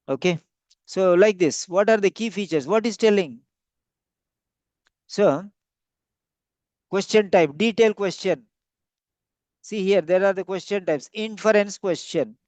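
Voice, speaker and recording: A man's voice: sits high, a little mellow, no echo. A man giving a classroom lecture, repeating and stretching key words for emphasis. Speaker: English teacher.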